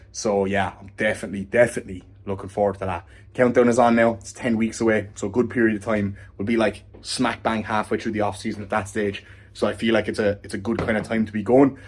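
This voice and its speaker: A man's voice: lowish voice, a little mellow, slightly rough. A man with an Irish accent who coaches fitness, chatting casually and upbeat in a vlog and swearing freely. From Ireland. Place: car, home and outdoors.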